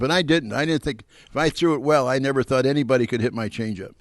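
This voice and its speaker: An older man, a former pitcher, telling rambling baseball anecdotes at a live question-and-answer event, speaking into a handheld mic with fillers and restarts. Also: fast, few pauses, far from the mic. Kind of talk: storytelling at a live Q&A.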